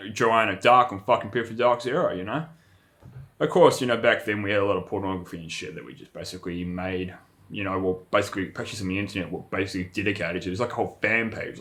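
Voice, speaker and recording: A man's voice: fairly low pitch, a bit bright. A young man, rambling through a profane, casual vlog monologue full of restarts. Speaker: vlogger.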